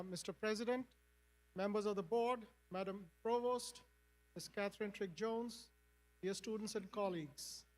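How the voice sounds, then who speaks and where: A man, a finance professor and faculty senate chair, giving a formal, earnest address to new students at a ceremony. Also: sits high.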